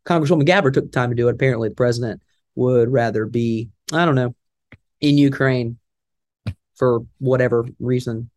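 A man's voice: mid-range voice, a little fast, darkish tone, dry recording, clean studio sound. A man with a Southern American accent hosting a talk show, rambling and folksy, pushing into upbeat promo patter. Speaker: radio show host. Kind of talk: talk radio chat and event promo.

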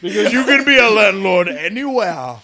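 A man's voice: high-pitched, moderate pace, vocal fry, a crowd in the background. A man co-hosting a comedy history podcast, joking and swearing in casual chat. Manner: animated, joking, profane. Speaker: podcast co-host.

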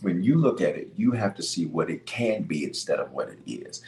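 A man's voice: sing-song, brisk, gravelly, echoey room, rough recording. A bishop preaching on leadership, reading scripture and repeating his key points with emphasis. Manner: emphatic, repeats key lines, swings between loud bursts and low asides. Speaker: bishop and podcast host.

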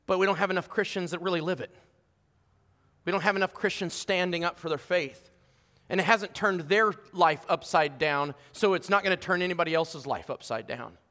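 A man preaching a sermon as pastor, fervent, his voice climbing louder and higher on key points. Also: brisk. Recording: long hall reverb.

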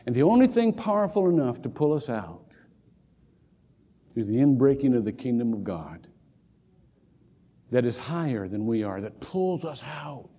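An older man preaching a sermon as pastor, telling jokey stories with lots of repeated words. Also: medium pitch. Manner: animated storytelling, jokey asides, repeats words. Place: church sanctuary. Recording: long hall reverb.

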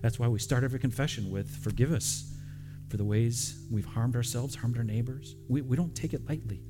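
A man's voice: medium pitch, fairly quick, music in the background. A man preaching as pastor, speaking earnestly and directly, often repeating phrases, then leading a communion prayer. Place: church sanctuary with congregation.

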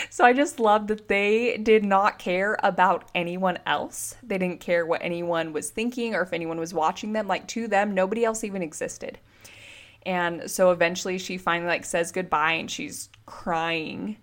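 A woman in her thirties hosting a relationship podcast, telling stories in a chatty, animated way and filling her talk with "like". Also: fairly low pitch, moderate pace. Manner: chatty, animated storytelling with frequent "like". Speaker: podcast host and relationship coach. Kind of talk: casual solo podcast monologue.

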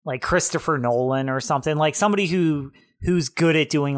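A young man with a somewhat high voice trades jokes in a casual podcast chat. He swears offhandedly and keeps things playful. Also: fairly quick. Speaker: podcast co-host.

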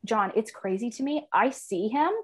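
A woman's voice: a little high, moderate pace, slightly rough. A young woman hosting a casual chat from her home office, talkative, laughing often and swearing casually. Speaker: podcast host.

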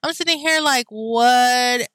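A young woman chats casually to her viewers, looping through fillers and asides. Her voice sits a little high and sounds bright and forward. The sound is dry and close, with blunt, profane outbursts when she gets worked up. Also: normal speed, clean tone, no room sound. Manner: rambling, chatty, full of fillers and asides to viewers. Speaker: vlogger. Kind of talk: casual anime chat.

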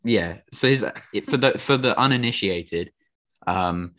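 Deep-voiced man, casual podcast banter. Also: fairly bright tone. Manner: joking, quick to laugh. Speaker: podcast co-host. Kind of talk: casual chat.

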